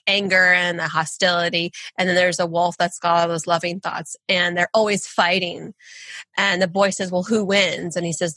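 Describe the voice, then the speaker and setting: An earnest woman talks through ideas on a podcast in a bright, forceful voice. She sounds encouraging and reflective. The recording is dry and close. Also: fairly low pitch, no room sound. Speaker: podcast guest, intuitive. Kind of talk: casual spiritual conversation.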